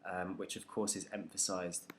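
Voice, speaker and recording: A man's voice: deep voice, little pitch movement, moderate pace, slight background noise. A man teaching a poetry analysis lesson, talking it through unscripted and hesitant, with many ums and restarts.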